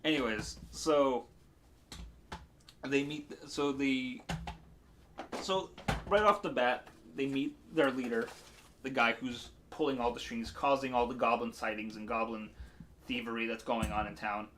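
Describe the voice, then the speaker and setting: A man's voice: mid-range voice, steady tone, unhurried, pauses often, noisy background. A man recaps his tabletop campaign on a casual chat stream. He rambles with fillers and laughs, in a mid-range voice. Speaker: game master.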